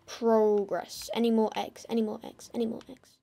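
A woman's voice: a little high, flat delivery, normal speed, vocal fry, warm tone. A woman giving casual gameplay commentary, playfully talking to and teasing her game animals. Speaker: gamer.

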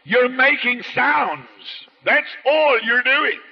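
High-voiced man preaching in a hall. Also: animated, extremely slow, breathy edge. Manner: emphatic, repetitive preaching cadence. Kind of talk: sermon. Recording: muffled sermon recording in a reverberant hall.

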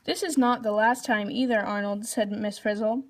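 High-voiced woman reading a storybook aloud. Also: moderate pace, hardly any pauses. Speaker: reader.

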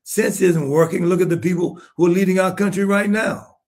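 Older guy in his 70s preaching, kinda high voice, fires off questions, gets loud then quiet. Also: fairly even intonation, a little fast. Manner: emphatic, rhetorical questions, shifts from hushed to shouting. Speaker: bishop. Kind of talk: sermon-style commentary.

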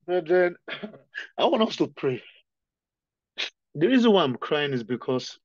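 Impassioned male preacher, husky and slow. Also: fairly high pitch, darkish tone, dry recording. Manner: impassioned, repeats phrases and cries out. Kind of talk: emotional sermon. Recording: dull, dry lo-fi sound.

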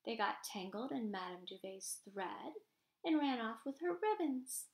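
Woman, children's story read-aloud, gentle and expressive, fairly high voice, roomy echo. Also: unhurried.

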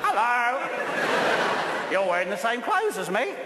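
A man with an English accent performing live stage comedy, loud, brash and shouty. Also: very high-pitched, sing-song, a little slow, a loud crowd, very noisy. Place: large theatre stage. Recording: echoey live theatre recording.

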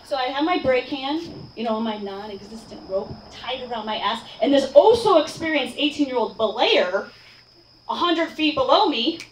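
A woman telling a lively personal story at a live storytelling night in a bar, playful and casually swearing. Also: sits high, moderate pace. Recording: echoey bar room, distant mic, faint noise.

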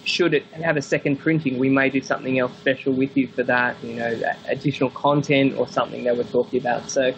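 A man, a podcast guest and book author, telling stories in a casual interview, animated and acting out quoted voices with frequent laughs. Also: medium pitch, quick pace, vocal fry, hardly any pauses. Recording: dull lo-fi call audio with faint hiss.

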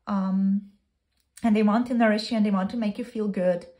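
A woman's voice: mid-range voice, steady tone, moderate pace, mellow. Chatty woman giving a tarot reading. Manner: chatty and flowing, with many fillers and "like" and "you know". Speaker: tarot reader. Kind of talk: pick-a-card tarot reading.

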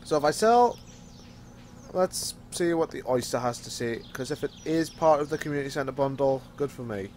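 Animated man grumbling through gameplay. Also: mid-range voice, normal speed, a little hiss or hum. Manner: exasperated, theatrical grumbling and mock insults. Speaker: gameplay commentator. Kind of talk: casual gameplay commentary.

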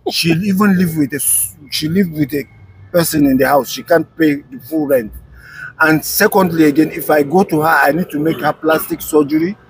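A man being interviewed, telling a personal story in a casual, animated way with frequent restarts. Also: on the high side, normal speed, slight background noise, poor audio.

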